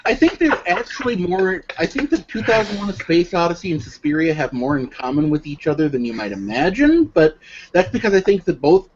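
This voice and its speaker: A man chatting on a video call in a wry, self-mocking way, with many pauses. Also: high voice, sing-song, a little mellow. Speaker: roundtable panelist. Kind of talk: casual chat on a video call. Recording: dull lo-fi call audio with faint noise.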